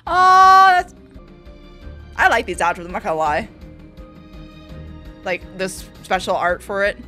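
Young woman, reaction host, excitable, bright tone, faint music behind. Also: medium pitch, unhurried. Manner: excitable, breaks into shrieks and laughter. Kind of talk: casual reaction commentary.

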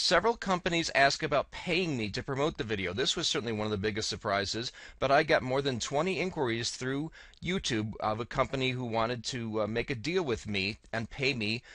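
Brief: bright-toned male vlogger, deadpan and wry, voice-over recorded close and dry. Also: mid-range voice, dry recording. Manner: wry, deadpan storyteller reading out comments. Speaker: video creator narrating his own story. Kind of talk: casual narrated video diary.

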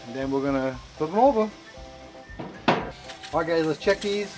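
Music plays in the background as a man with a higher, expressive voice cooks on camera as co-host in his home kitchen and at the grill. At a moderate pace he chats casually, wandering off topic and restarting often.

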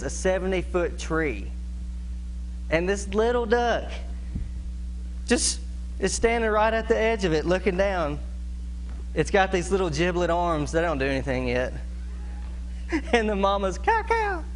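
A middle-aged man preaches a sermon, his voice sitting a little high. He tells stories in a folksy, laughing way and breaks into imitations of animal calls as he goes. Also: slight background noise. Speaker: pastor.

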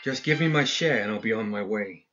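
A man voicing a tough, weary woman outlaw who speaks in a low, quiet voice, in a dull lo-fi audiobook recording. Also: animated, a little fast, soft background music. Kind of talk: audiobook story reading.

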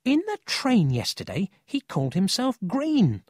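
A high, pleading boy's voice rises and falls in wide swings, earnest and insistent. A man puts it on with a husky, close, dry sound and an unhurried delivery. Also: wildly swooping pitch, a little mellow, dry recording, heavily acted. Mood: upset, insistent. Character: boy, upset and insistent.

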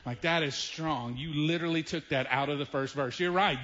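A pastor with a Southern US accent preaching a sermon in a church, speaking emphatically and slowing down to stress key phrases. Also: male voice, fairly high pitch, a bit bright, muffled recording. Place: church sanctuary.

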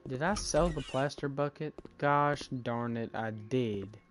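A man's voice: mid-range voice, takes it slowly, over music. A young man hosting a casual let's-play, joking and bantering in slangy talk while he plays. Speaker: gameplay host.

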